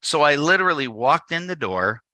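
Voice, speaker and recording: Bright-voiced man telling a story. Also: on the high side, moderate pace, no echo. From Chicago area, United States. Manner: lively storyteller who acts out the dialogue. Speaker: photographer giving a talk. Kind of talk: storytelling presentation to a live audience. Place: indoor event space.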